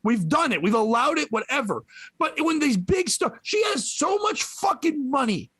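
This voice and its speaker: A man's voice: extremely high pitch, very animated, normal speed, bright, forceful tone, no echo. A man hosting a podcast in casual comedic chat, brash and crude in his riffing. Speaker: podcast host.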